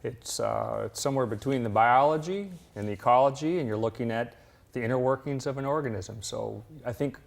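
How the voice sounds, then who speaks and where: A man with a gravelly edge to his voice, answering interview questions as a university fish physiologist. He explains technical ideas in plain terms, at a measured pace with frequent fillers. His pitch sits in an ordinary middle range.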